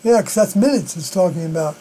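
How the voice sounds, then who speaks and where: Halting high-voiced man streaming alone. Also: warm tone, low-quality recording. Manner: halting, many fillers and unfinished sentences. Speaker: live stream host. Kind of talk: rambling solo live stream monologue. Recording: mains hum behind the voice.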